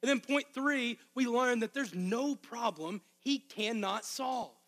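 A man's voice: extremely high pitch, lively intonation, slow, fairly bright tone. A man with a Southern Arkansas accent preaching a sermon from a church, impassioned and emphatic with much repetition. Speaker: pastor. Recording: long hall reverb.

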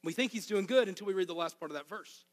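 A man's voice: high voice, quick pace. A man with a Southern Arkansas accent preaching a sermon from a church, impassioned and emphatic with much repetition. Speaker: pastor. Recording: long hall reverb.

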